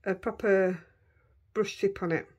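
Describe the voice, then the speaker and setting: A woman's voice: medium pitch, steady tone, measured pace, darkish tone, slightly rough, muffled recording. A middle-aged woman with a Yorkshire accent chatting casually as she crafts, talking to herself and her dogs as she works. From Yorkshire, England. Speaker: craft vlogger.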